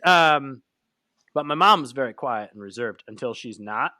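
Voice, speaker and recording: Chatty man with a lively voice. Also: medium pitch, a little slow, dry recording, clean studio sound. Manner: rambling, self-deprecating, laughs often. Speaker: podcast co-host. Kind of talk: casual chat.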